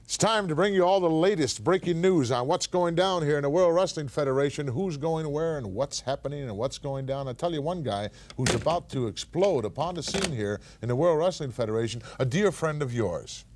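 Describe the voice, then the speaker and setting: A man's voice: a little high, lively intonation, fairly quick, hardly any pauses, noisy background. A man hosting a wrestling show from the studio, delivering news in an upbeat announcer manner. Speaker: studio host.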